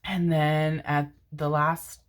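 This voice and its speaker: Low-voiced woman telling a rambling story. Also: little pitch movement, slow. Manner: rambling, repeats words, swears casually. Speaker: tarot reader. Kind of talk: casual storytelling.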